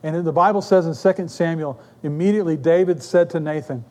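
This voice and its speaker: A middle-aged male pastor with a high, light voice delivers a sermon in a church. He tells stories with humor and acts out his family's dialogue. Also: fairly quick, few pauses, darkish tone. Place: church sanctuary.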